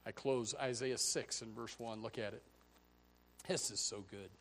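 Male pastor delivering a sermon, mid-range pitch, rhetorical questions, hushed-to-shouted swings. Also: measured pace, a little hiss or hum.

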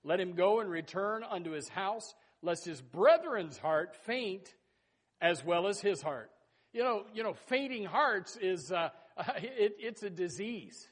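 A man preaching a sermon in a folksy, animated way, with sudden loud bursts and asides to the congregation. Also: high-pitched, a little slow. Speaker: pastor.

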